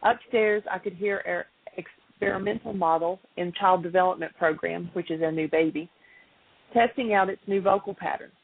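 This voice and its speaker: A woman co-hosting a radio show, reading a story aloud in a steady, matter-of-fact way. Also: fairly low pitch, moderate pace, vocal fry, breathy edge, no room sound. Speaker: radio co-host. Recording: phone-line radio audio.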